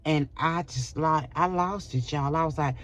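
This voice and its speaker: Animated storytelling woman vlogger. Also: deep voice, normal speed. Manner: animated retelling with dramatic exclamations. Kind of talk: personal storytelling vlog.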